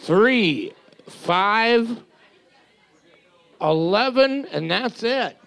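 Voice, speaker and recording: Slow gravelly co-host man. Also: sits high, expressive, fairly bright tone. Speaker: quiz co-host scoring answers. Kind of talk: casual banter while marking answers.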